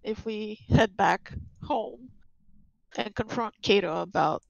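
A woman's voice: medium pitch, slow, vocal fry, no room sound, dull audio. A woman player speaking formally in character during a tabletop game. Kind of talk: tabletop role-play.

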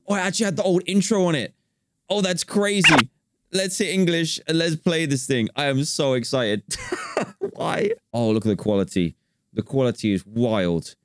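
A young man giving casual, joking commentary as he plays a video game, excitable and quick to laugh. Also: medium pitch, dry recording. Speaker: gaming YouTuber. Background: game music.

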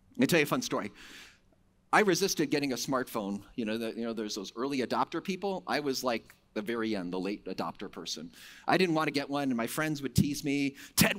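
A middle-aged man speaking at a faith conference, telling stories with big swings from loud to hushed. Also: a little high. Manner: animated storytelling with big swings in loudness. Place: conference hall.

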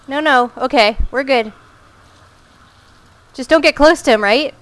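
High-voiced woman narrating her gameplay. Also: unhurried, fairly bright tone. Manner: reactive, exclaiming and muttering to herself. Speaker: gamer. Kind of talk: let's play commentary.

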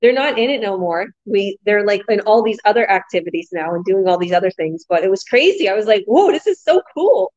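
A woman and mother, a business coach hosting a casual group chat, who tells stories with lively energy and acts out her kids' voices. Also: mid-range voice, fast talker, hardly any pauses, no room sound, lo-fi sound. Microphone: video call.

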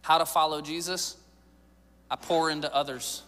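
A man's voice: fairly high pitch, steady tone, normal speed, fairly bright tone, in a large hall. A man in his thirties preaching a sermon in a church, joking and conversational, building to emphatic points. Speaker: pastor. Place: church sanctuary.

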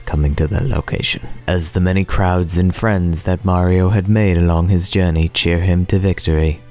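Deep booming trailer narrator voice as a man puts it on, grandiose, solemn, faint music behind. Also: steady tone, normal speed, a little mellow, natural voice. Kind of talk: mock movie-trailer narration.

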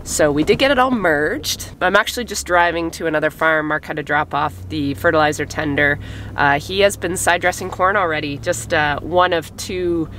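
A woman farmer and vlogger chats casually to a handheld camera outdoors while doing chores on her farm. Her low voice moves at normal speed and is a bit bright, with clear farm noise around her.

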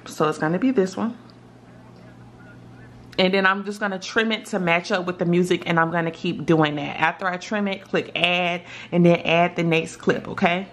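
A woman's voice: on the low side, steady tone, normal speed, a little hiss or hum. Chatty woman walking through a tutorial. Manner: chatty, checks in with viewers with "okay?". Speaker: tutorial vlogger. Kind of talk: casual step-by-step tutorial.

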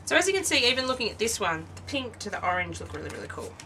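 A woman's voice: a little high, very animated, racing, pushed and bright, recorded from a distance, slight background noise, low-quality recording. Tired, chatty Australian woman. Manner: chatty, rambling, self-interrupting. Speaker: craft channel host. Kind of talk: casual show-and-tell craft video.

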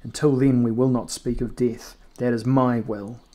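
A man voicing a stern, commanding young captain who speaks with firm, steady resolve in a storybook reading. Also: medium pitch, moderate pace, close to an everyday voice.

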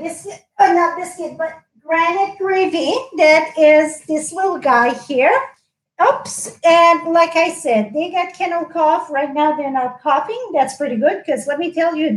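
A high-pitched woman chats on a live craft stream, gushing over her work in loose, friendly phrasing. Her voice rings off the walls of an echoey room at home. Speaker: stamping craft host.

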